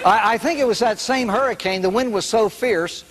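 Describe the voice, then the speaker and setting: A man and priest tells joke after joke in a folksy storytelling manner, with a voice pitched a bit high. He chuckles at his own punchlines. He is giving a lighthearted talk about recovery. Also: moderate pace, a bit bright, some chatter behind. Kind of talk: humorous talk with jokes.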